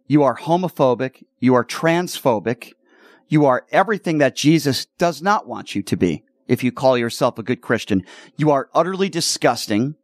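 A man's voice: medium pitch, no room sound, clean studio sound. Indignant man ranting on talk radio. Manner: indignant, repeats words and restarts when worked up. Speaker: radio show host. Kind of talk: opinionated talk radio commentary.

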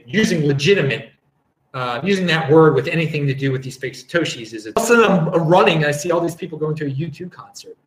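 Man, livestream host, casual rambling chat, chuckling, fairly high voice, roomy echo. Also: animated, quick pace, slight background noise. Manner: rambling, chuckling, self-interrupting. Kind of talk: casual livestream chat, reading viewer comments.

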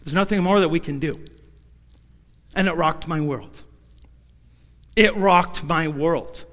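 High bright-voiced man preaching in a hall. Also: measured pace, pauses often. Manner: swings from hushed storytelling to shouted pleading. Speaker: preacher giving a testimony. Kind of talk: sermon.

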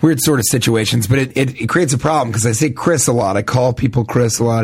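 A young man in casual comedic podcast chat, his voice sitting at an ordinary middle pitch. He rambles through bits and keeps sliding into goofy character voices. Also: fast, few pauses, husky, dry recording. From Denver, United States.

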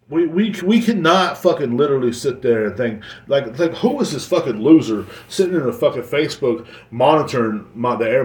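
A man hosting a casual solo podcast, rambling and joking with plenty of swearing. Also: mid-range voice. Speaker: podcast host. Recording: roomy echoey recording.

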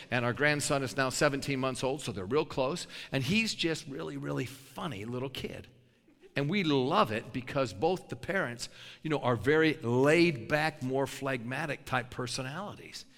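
An older man preaching a sermon, a lively storyteller who laughs between his lines. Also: medium pitch, gravelly, big-room sound.

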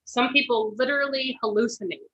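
A woman's voice: fairly high pitch, fairly quick, fairly bright tone, husky, dry recording. A young woman in casual chat, explaining things in an earnest way. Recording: dull dry sound.

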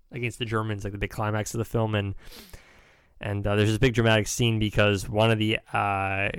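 Fast-talking gravelly young man, casual chat. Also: on the low side, no echo. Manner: rambling, restarts often, uses "like" a lot. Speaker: podcast host.

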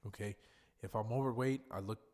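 A man's voice: lowish voice, fairly even intonation, brisk, a little mellow. A tipsy man hosting a podcast in a blunt, profane, ranting monologue. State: tipsy from drinking. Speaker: podcast host.

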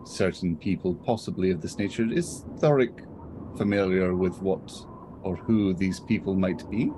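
A man's voice: deep voice, normal speed, background noise. A man playing a tabletop game, chatting casually in a hesitant, jokey way. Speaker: player.

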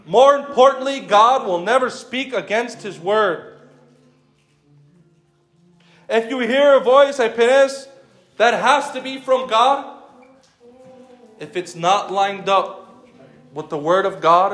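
High-voiced male preacher in echoey room. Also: a bit bright. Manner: repetitive rhetorical questions, calls listeners by name; switches between English and another language mid-sentence. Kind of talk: sermon.

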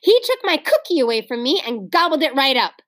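A woman's voice: sits high, sing-song, fairly quick, pitched above the performer's own voice. A woman reading aloud and voicing an insistent, sulky little girl.

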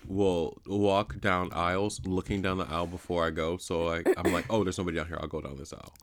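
A man's voice: low voice, flat delivery, quick pace, no room sound. A man co-hosting a podcast in casual chat, joking and putting on brash voices in his stories. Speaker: podcast co-host.

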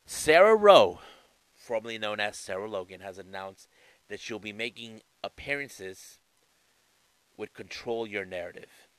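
A man's voice: lowish voice, lively intonation, measured pace, clear, resonant tone, low-quality recording. A man giving casual wrestling news commentary in a chatty way, often restarting and adding asides.

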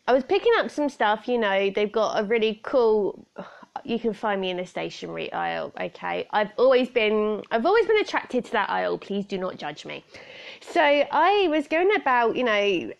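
A woman's voice: a little high, vocal fry. A young woman hosting her own podcast in a chatty, bubbly, self-deprecating way. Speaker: podcast host. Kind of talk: casual solo podcast chat.

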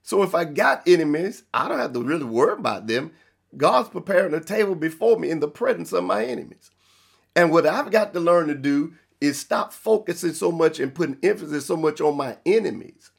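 A man's voice: on the high side, expressive, brisk, gravelly, slightly rough. A man preaching a sermon, with a Black church cadence, repeating phrases and firing rhetorical questions at his listeners.

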